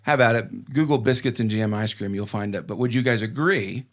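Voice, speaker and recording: A man's voice: fairly low pitch, brisk. Rambling man hosting a casual chat. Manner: rambling, restarts sentences, playful. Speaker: podcast host.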